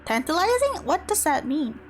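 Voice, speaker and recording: A woman's voice: high voice, animated, a little slow, faint music behind. A woman streamer chatting casually and playfully with her viewers during a game, laughing often. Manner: giggly, playful, chatting with chat. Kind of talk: casual gaming commentary.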